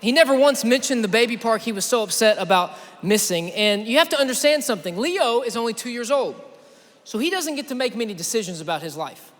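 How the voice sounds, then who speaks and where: A young man with a very high voice preaches to a youth crowd, telling a story with energy and calling on the audience directly. The sound carries the long reverb of a large church auditorium. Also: lively intonation, fairly quick, a bit bright. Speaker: youth conference speaker. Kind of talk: sermon.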